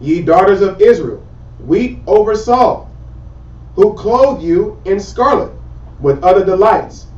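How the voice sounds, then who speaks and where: A man reading scripture aloud slowly and deliberately in a Bible study group. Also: high voice, animated, a little mellow. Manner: slow, measured reading. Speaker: scripture reader. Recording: echoey, dull, distant mic.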